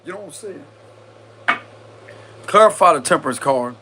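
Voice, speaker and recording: Guy on a tarot live stream, keeps cracking up, kinda high voice, slangy, bit of hum behind him. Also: animated, normal speed, bright, forceful tone. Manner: giggly, keeps breaking into laughter; chatty slang-heavy address to viewers. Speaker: tarot reader.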